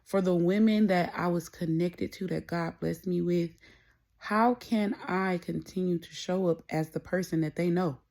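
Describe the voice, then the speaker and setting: A woman's voice: fairly low pitch, fairly even intonation, moderate pace, darkish tone. A young adult woman hosting a podcast, talking alone in a candid, rambling, conversational way. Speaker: podcast host. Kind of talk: casual solo monologue.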